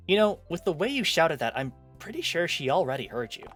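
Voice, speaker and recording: Wry streamer with a lively voice. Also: mid-range voice, a little fast, hardly any pauses, faint music behind. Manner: wry, sarcastic asides. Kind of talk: casual game commentary.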